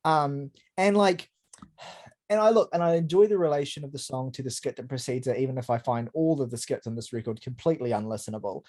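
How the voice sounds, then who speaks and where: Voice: mid-range voice, fairly quick, darkish tone. A podcast co-host in casual album review chat, talking in an emphatic, rambling way with blunt swearing.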